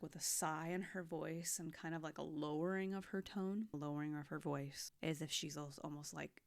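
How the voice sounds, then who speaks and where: Expressive young woman, lowish voice. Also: vocal fry. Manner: expressive, swinging between hushed and loud; chatty and heartfelt. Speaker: anime reaction vlogger. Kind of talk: casual recap chat.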